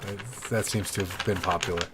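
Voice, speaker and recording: A man's voice: deep voice, steady tone, fairly quick, very noisy. A man streaming tarot readings live, chatting casually, rambling and thanking viewers by name. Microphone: studio condenser mic.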